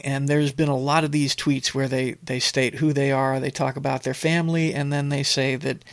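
An older man hosting a casual political commentary show, rambling and halting with many fillers, blunt and opinionated. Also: medium pitch, gravelly, dry recording.

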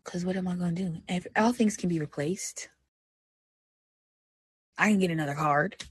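A young woman hosting a personal podcast, talking candidly. She moves between soft reflection and animated self-talk. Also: lowish voice, moderate pace, slightly rough, dry recording. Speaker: podcast host.

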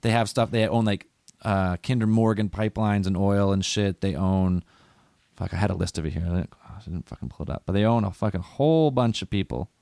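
A man's voice: fairly low pitch, fairly quick, creaky, darkish tone, no room sound, clean studio sound. A man hosting a casual conspiracy podcast, rambling and swearing as he walks through what he read. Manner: rambling, profane, loses his notes. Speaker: podcast host.

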